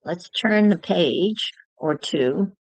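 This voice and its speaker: A woman's voice: lowish voice, lively intonation, slow, darkish tone, slightly rough, no echo, low-quality recording. A woman chatting casually to livestream viewers while she crafts, musing aloud as she works.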